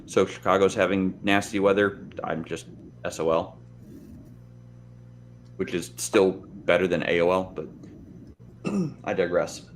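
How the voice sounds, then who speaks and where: Low-voiced man making wry jokes. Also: measured pace, pauses often, a little hiss or hum. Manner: joking, wry asides. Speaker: podcast co-host. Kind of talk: casual chat.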